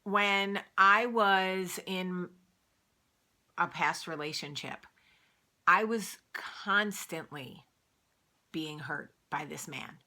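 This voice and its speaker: A woman's voice: on the low side, extremely slow, long pauses, bright, forceful tone. A woman in her late thirties hosting a vlog, chatting candidly with lots of fillers. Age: late 30s. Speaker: vlog host. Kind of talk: casual chat.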